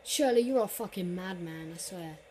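A woman casually commentating her own football video game. She swears freely, mutters under her breath, and erupts into shouts at big plays. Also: fairly low pitch, animated, brisk, a little hiss or hum. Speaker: gaming commentator.

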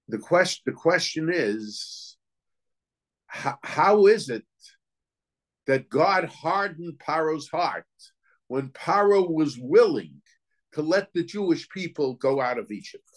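Male rabbi, Torah lecture, slow delivery, higher voice, halting, questioning. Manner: halting, searching for words, frequent restarts; questioning, reasoning aloud.

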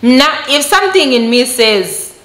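South African woman, vlogger, storytime, animated, mixes Xhosa and English, bright voice, echoey room. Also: a little high, measured pace. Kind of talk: storytime vlog.

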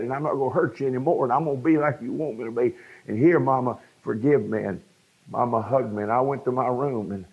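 A man's voice: medium pitch, darkish tone. An older man, preaching his own testimony to a congregation and speaking to the listeners directly. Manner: preaching storyteller, addresses the crowd directly. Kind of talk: sermon testimony. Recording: dull lo-fi sound.

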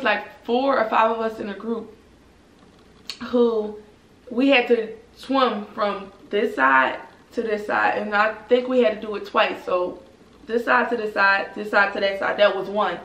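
A young woman tells a story straight to her viewers, animated and full of cursing, her voice a little high and bright. The room around her is noticeably echoey. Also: normal speed. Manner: animated, profane, addresses viewers as "y'all". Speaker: vlogger telling a personal story. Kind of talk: casual storytime chat.

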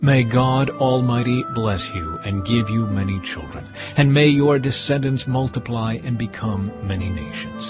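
A man voicing an old blind father who speaks with a slow, solemn cadence. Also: medium pitch, expressive, music in the background, close to an everyday voice.

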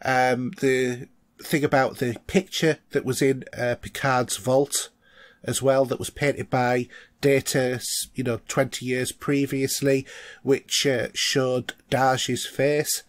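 A man's voice: mid-range voice, level tone, slow pace. A middle-aged man co-hosting a casual podcast, chatty and rambling with lots of fillers. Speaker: podcast co-host.

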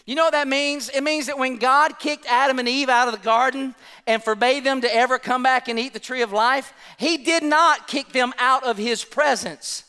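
A male pastor delivers an impassioned sermon in a very high, crisp voice. He retells scripture in plain everyday language. His voice carries through a church hall with a long echo. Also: steady tone, moderate pace, pushed and bright. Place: church sanctuary.

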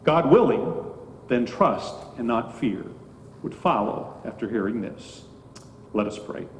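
A pastor reading scripture and preaching a short sermon in a measured, solemn way. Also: male voice, medium pitch, expressive, slight background noise. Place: church sanctuary. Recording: echoey church with long reverb.

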